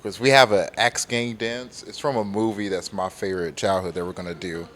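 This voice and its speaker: A man in his twenties hosting a casual chat, chiming in with short, relaxed remarks. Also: lowish voice, brisk. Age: 20s.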